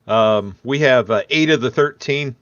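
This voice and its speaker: Slow halting guy running a tabletop game, lots of ums, dry muffled mic. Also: medium pitch, fairly bright tone, dry recording. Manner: halting, many filler words. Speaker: game master.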